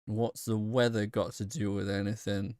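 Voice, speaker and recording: A woman's voice: extremely low pitch, level tone, moderate pace, darkish tone, slight background noise, voice pushed down. A woman streamer voicing an irritable male British police inspector in a lazy, drawling put-on British accent, grumbling and scolding. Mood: irritated. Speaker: streamer voicing game characters.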